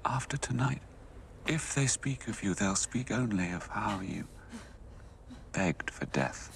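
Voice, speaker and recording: Sadistic dark lord, high swooping voice, hissy whispers, film score behind. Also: male voice, animated, takes it slowly. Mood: menacing whisper. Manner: hissing whispers rising to screamed threats. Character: cruel dark lord, adult male, sadistic and taunting. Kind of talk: feature film acting. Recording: film clip under loud score.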